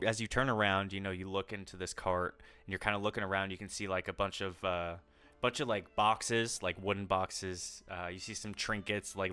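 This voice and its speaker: Acting as game master for a tabletop game, a man narrates loosely and packs his storytelling with fillers. His voice is fairly low in pitch, with a bright, forceful tone.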